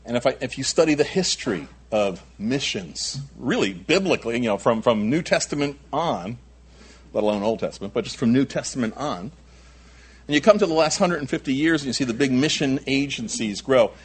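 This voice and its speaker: A male pastor delivers a sermon with a husky edge to his voice. His pitch rises and falls in a lively way as he presses his points. He often doubles back on his words and drops in quick asides. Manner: emphatic preaching, with frequent repeats and asides.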